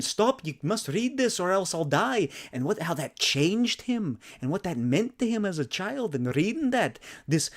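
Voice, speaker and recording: A man's voice: on the high side, natural voice. A man doing an impression of a Scottish comic writer with a Scottish accent, recapping a book in a rambling storytelling way.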